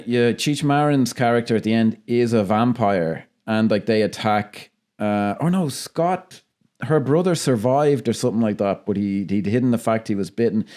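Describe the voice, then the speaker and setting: A man's voice: mid-range voice, a little mellow. A man co-hosting a film podcast in casual chat, swearing a lot, laughing often and acting out lines from movies. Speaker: podcast co-host.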